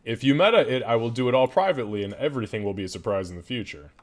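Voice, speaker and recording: A man narrating as game master of a tabletop game, casual and quick to laugh, swearing freely. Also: mid-range voice.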